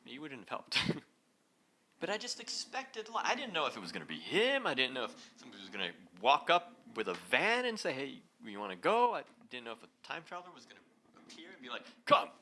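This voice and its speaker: A man giving an inspirational talk to a live audience, telling a story in a lively way and laughing often. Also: medium pitch, fast talker. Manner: animated, laughing as he acts out the story. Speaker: speaker leading a heart talk. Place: event hall.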